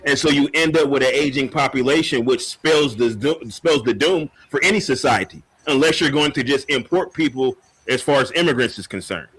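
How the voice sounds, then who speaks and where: A man with a medium-pitched voice argues his point on a casual podcast panel. He talks in a deliberate, opinionated way and builds his case step by step. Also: fairly bright tone, husky, poor audio.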